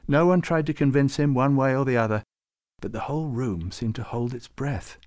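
A man reading a story aloud as narrator in a gentle, expressive way. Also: medium pitch, moderate pace.

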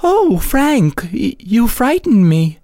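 A man's voice: high voice, very animated, normal speed, dry recording, clean studio sound, pitched above the performer's own voice. A man doing a coy, pouty young woman. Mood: startled. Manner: lifted, bright pleading tone.

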